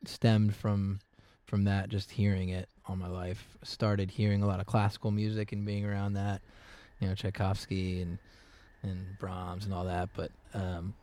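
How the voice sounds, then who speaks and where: A man chatting easily as a musician guest, telling stories with lots of fillers and quick laughs. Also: low-pitched, monotone, dark tone. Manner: easygoing, laughs often, many fillers and restarts. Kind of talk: casual interview chat.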